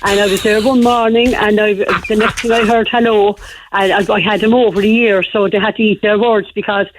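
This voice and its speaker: A woman's voice: medium pitch, steady tone, a little fast. A woman, calling in to a radio show and telling a rambling, chatty story. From Ireland. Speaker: caller. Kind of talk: phone-in radio chat. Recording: muffled phone-in line.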